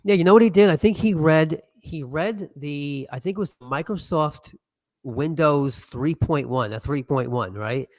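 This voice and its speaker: A man with a mid-pitched voice recorded dry and close. He tells light, joking anecdotes in a casual podcast conversation. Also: a little slow, no room sound.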